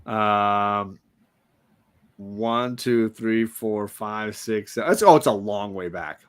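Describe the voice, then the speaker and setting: A man co-hosting a casual movie discussion, telling scenes with lively energy and acting out lines in quick voices. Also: fairly low pitch, clear, resonant tone. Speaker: co-host of a movie discussion show. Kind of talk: casual film chat.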